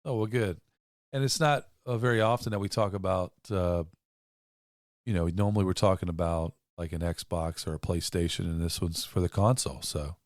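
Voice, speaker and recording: Low-voiced man joking deadpan. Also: moderate pace, no room sound, clean studio sound. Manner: deadpan joking, tall-tale sales pitches. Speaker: podcast co-host. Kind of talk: casual chat.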